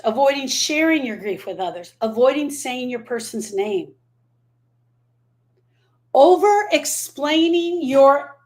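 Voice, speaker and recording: A woman's voice: a little high, darkish tone. Emphatic middle-aged woman grief coach. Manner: emphatic, repeats key phrases, answers viewer comments. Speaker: grief coach hosting a live stream. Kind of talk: live-stream talk to viewers.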